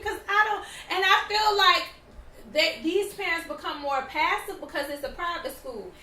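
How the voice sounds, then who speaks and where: High, bright-voiced woman in casual chat. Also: normal speed, far from the mic. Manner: opinionated, animated, often acts out quotes. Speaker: podcast co-host. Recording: echoey room, off mic, faint ambience.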